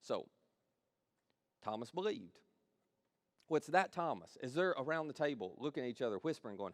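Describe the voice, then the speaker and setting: Animated male pastor preaching. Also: mid-range voice, brisk, long pauses, no echo, clean studio sound. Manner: animated storytelling, acting out the disciples' voices. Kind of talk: sermon.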